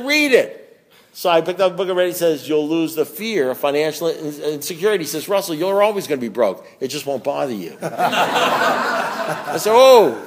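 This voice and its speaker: A man's voice: high-pitched, a bit bright. Blunt, joking man at a meeting. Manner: folksy storytelling, acts out both sides of dialogue; blunt, joking, laughs often. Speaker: recovery speaker. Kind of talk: recovery meeting talk.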